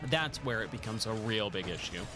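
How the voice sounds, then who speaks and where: A man's voice: lowish voice, animated, brisk, over music. A man streaming a video game late at night, chatting casually and enthusiastically about the game and laughing often. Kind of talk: casual gameplay commentary.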